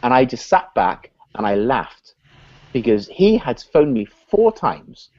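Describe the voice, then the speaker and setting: A man, a business consultant guest on a live video chat, telling lively anecdotes and acting out the voices of people in them. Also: medium pitch, slow pace, no room sound, dull audio. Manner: animated, acts out voices in his anecdotes.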